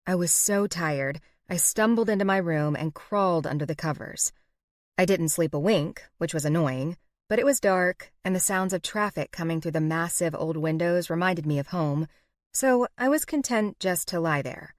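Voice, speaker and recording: A woman narrating a first-person romance audiobook in an expressive, wry way, close to the mic. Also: lowish voice, moderate pace, no room sound.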